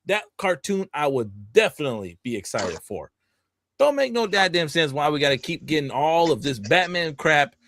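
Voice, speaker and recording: Man, fairly high voice, animated profane rant, dry close sound. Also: no room sound. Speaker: podcast co-host. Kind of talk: casual ranting chat.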